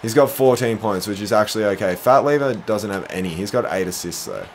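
A young man streaming a basketball video game, commenting live, groaning at his own mistakes and bursting into shouts. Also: fairly low pitch, brisk, slight background noise. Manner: excitable, groaning, self-deprecating, bursts into shouts. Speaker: gaming streamer.

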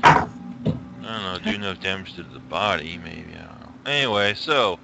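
A man's voice: low-pitched, animated, normal speed, creaky, sharp tone, a little hiss or hum, low-quality recording. A man serving as game master for an online tabletop game, teasing his players in an offhand way and using many fillers.

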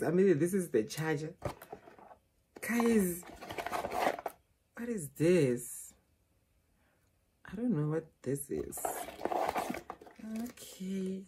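A woman's voice: lowish voice, expressive, slow, pauses often, background noise. A young woman from South Africa chatting casually to her viewers while unboxing something, calling them guys and darlings, recorded on a phone at home. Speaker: vlogger. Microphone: phone camera.

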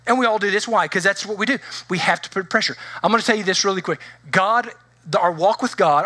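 A middle-aged man preaching a sermon as pastor, telling stories in an animated way and acting out the voices of the people in them. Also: high voice, quick pace, no room sound. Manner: animated storytelling with acted-out voices.

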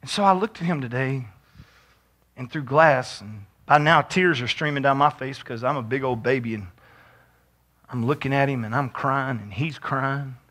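A man preaching a sermon as pastor, moving from quiet storytelling to shouted exhortation. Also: medium pitch, moderate pace.

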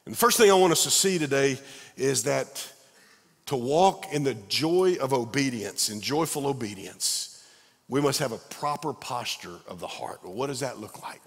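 Pastor preaching in a reverberant hall. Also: male voice, medium pitch, normal speed, gravelly. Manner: animated storytelling, acting out dialogue. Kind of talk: sermon. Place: large church sanctuary.

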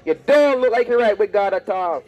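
Male street preacher, high pitched, loud and confrontational, preaching outdoors. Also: expressive, fairly quick, dull audio. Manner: loud, confrontational, repeats his lines. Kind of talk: open-air street preaching.

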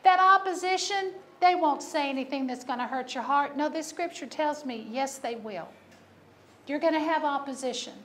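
High-voiced woman pastor preaching. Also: normal speed, a bit bright, a little hiss or hum. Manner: storytelling, laughing at herself, emphatic repetition. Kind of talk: sermon.

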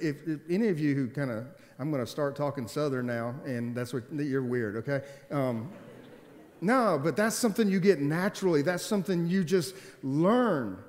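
A man's voice: medium pitch, darkish tone. Emphatic preacher man in a reverberant hall. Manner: emphatic, repeats key phrases, asks the congregation questions. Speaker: pastor. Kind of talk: sermon.

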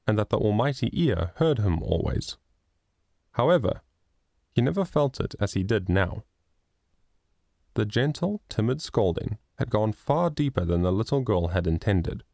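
A man narrating a moral children's story in a measured, expressive reading. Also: on the low side, gravelly, dry recording, clean studio sound. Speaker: audiobook narrator.

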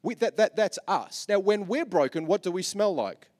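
A man with an Australian accent preaching a sermon as pastor, animated, swinging from soft asides to loud repeated lines. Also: high voice, normal speed. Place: large church hall. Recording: long reverb of a church hall.

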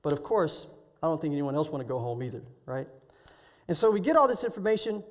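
A man preaching to students, telling a story with emotion, halting and restarting as he speaks. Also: a little high, very animated. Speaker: guest speaker. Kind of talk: sermon storytelling. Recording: live hall recording with long reverb.

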